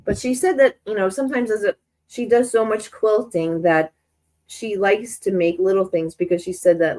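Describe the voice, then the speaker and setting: A woman's voice: lowish voice, a little mellow, low-quality recording. A woman hosting a sewing live stream, chatting in a rambling way with many restarts while she works, stuffy from a lingering cold. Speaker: sewing channel host.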